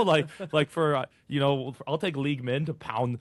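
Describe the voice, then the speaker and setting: Rambling podcast host, dry sound. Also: male voice, mid-range voice, moderate pace, few pauses, no room sound. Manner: rambling questions, many fillers. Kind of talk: casual podcast interview.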